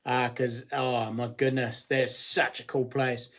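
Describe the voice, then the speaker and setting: A man's voice: mid-range voice, level tone, takes it slowly, fairly bright tone. A middle-aged man with a New Zealand accent hosting a casual live-stream chat, matey and chatty, greeting viewers by name and laughing often. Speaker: livestream host.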